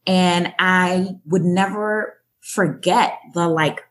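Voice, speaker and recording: A woman from Jamaica, a guest in an interview, telling personal stories in a thoughtful, measured way. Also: fairly low pitch, steady tone. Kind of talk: reflective interview answer.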